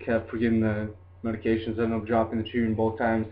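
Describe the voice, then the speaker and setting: Young dude rambling through a story, lots of likes, sounds tinny like over a phone. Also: male voice, on the low side, monotone, fast. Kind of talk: casual storytelling to camera.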